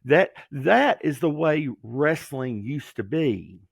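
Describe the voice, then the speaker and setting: A middle-aged man with a deeply gravelly, somewhat husky voice tells his story in an animated way. He slips into the voices of the people he quotes. The sound is dry and close. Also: slow pace, dry recording. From Georgia, USA. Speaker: guest, former pro wrestler. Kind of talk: storytelling interview.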